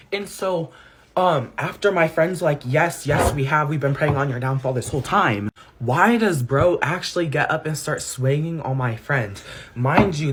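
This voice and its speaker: A man's voice: fairly high pitch, a bit bright, slightly rough. A man telling a story in a chatty, gossipy vlog style, full of asides. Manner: gossipy, chatty storytelling with many "like" and "mind you". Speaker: vlogger. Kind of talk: storytime get-ready-with-me vlog.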